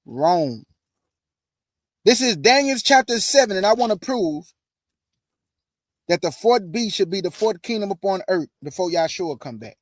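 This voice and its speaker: Guy preaching prophecy, kinda high voice, answers his own questions, dry close sound. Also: lively intonation, normal speed, dry recording. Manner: preachy, calls audience family, answers imagined questions. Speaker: online preacher, show host. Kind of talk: street-style sermon on prophecy.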